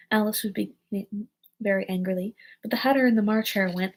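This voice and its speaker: A woman's voice: medium pitch, flat delivery, fairly quick, gravelly, a little mellow, husky, poor audio. A woman reading a storybook aloud in a casual way, now and then correcting a slip. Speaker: reader.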